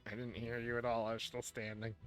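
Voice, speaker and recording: Male game master, casual and chatty, bright forceful tone, soft music under him. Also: mid-range voice, completely flat delivery, quick pace. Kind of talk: narrating a tabletop game.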